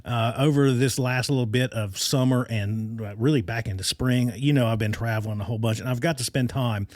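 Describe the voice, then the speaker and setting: A man hosting his own podcast, chatting casually and enthusiastically into a desk microphone, with lots of fillers and quick laughs. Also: medium pitch, fairly even intonation, darkish tone, dry recording, clean studio sound. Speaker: podcast host. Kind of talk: casual solo podcast chat.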